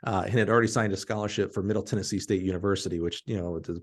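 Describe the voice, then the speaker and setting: A middle-aged man from Alabama, hosting a podcast and telling a story in an animated, laughing way. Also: low voice, very fast. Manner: animated, laughing storyteller who acts out quotes. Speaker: podcast host.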